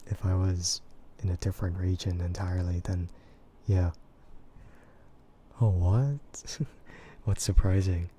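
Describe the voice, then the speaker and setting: An American man chatting in a soft, gentle ASMR voice, relaxed and hesitant with frequent giggles. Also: low-pitched, takes it slowly, long pauses, slight background noise. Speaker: VTuber streamer. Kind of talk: soft-spoken ASMR chat.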